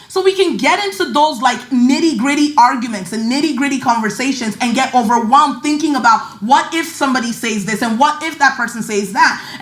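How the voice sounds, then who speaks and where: A woman's voice: high voice, a bit bright, echoey room. A woman with a slight Nigerian accent hosting a podcast, giving an emphatic, chatty motivational talk about money and mindset. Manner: emphatic, chatty, repeats words for stress. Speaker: podcast host and finance coach.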